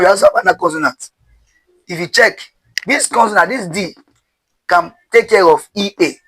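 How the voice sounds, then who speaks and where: A man's voice: sits high, a bit bright, breathy edge, poor audio. A man teaching English pronunciation step by step, spelling words out letter by letter, asking questions and having listeners repeat. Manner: repetitive, drilling, asks questions and has listeners repeat.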